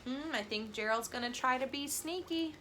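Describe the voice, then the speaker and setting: A young woman teaching a children's camp video lesson, speaking gently and clearly and encouraging the kids. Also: sits high, moderate pace, a little hiss or hum.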